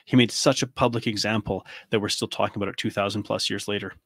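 A man's voice: lowish voice, fairly even intonation, fast, few pauses, dry recording, clean studio sound. A man in his thirties hosting a podcast, delivering an angry, impassioned monologue full of rhetorical questions. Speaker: podcast host.

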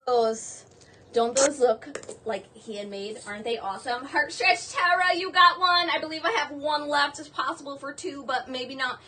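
A woman hosting a live jewelry sales stream, chatty and excitable, gushing over each piece. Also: sits high, normal speed. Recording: distant mic with faint background noise.

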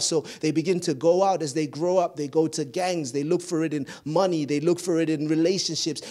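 A slightly high, dark-toned man preaches a sermon as pastor. He uses an emphatic, repetitive rhythm, now and then stumbling and repeating words while hunting for what to say.

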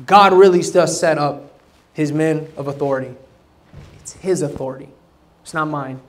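A man preaching a sermon in a high voice. He is animated and casual, acts out the voices he quotes, and swings between loud bursts and quiet, low asides. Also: moderate pace. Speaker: pastor.

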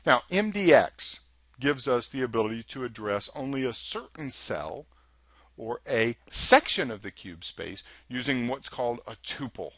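A man walks through a technical lesson in an easy, talkative way, tossing in rhetorical questions as he goes. His voice is bright and forward, and it sits close and dry on the mic with no room sound. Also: medium pitch, animated, moderate pace, dry recording. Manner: chatty and conversational, asks rhetorical questions. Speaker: instructor. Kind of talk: recorded technical lecture.

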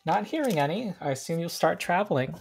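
A game master running a tabletop game over a video call, relaxed and quick to laugh. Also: medium pitch, gravelly, slight background noise.

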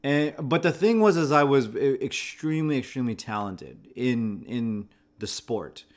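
A man's voice: mid-range voice, lively intonation, a little slow. Reflective man telling his story. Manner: reflective and conversational, often restarting phrases. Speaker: host of a channel about anxiety. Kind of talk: personal story told to camera.

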